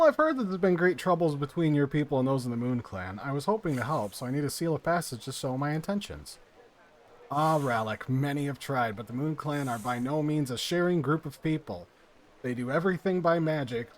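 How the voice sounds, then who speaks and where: A man playing a solemn village chief. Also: a little high.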